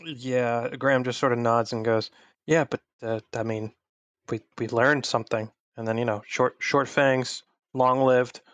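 A man playing in a tabletop game, excited and rambling. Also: medium pitch, measured pace, no echo. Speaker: player. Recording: dull dry lo-fi mic.

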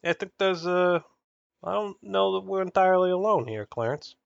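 A man's voice: high-pitched, animated, moderate pace, vocal fry, no echo, pitched above the performer's own voice. Nervous investigator guy done by a man, hesitant, dry lo-fi mic. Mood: uneasy. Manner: uneasy, hesitant.

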